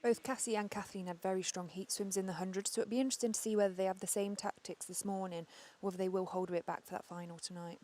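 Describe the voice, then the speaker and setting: A woman giving quick, analytical swimming commentary. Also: medium pitch, steady tone, warm tone.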